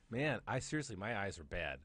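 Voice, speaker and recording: A man co-hosting a live stream, teasing and laughing with a low voice. His pitch swings hugely, from grumbling mutters up to bursts of laughter. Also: a bit bright, dry recording. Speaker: podcast co-host. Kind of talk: casual live-stream chat.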